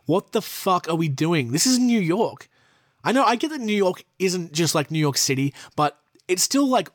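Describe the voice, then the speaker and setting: A man's voice: a little high, dry recording, clean studio sound. A young man hosting a podcast, reading out a list and breaking off into sweary, exasperated asides in a casual solo commentary.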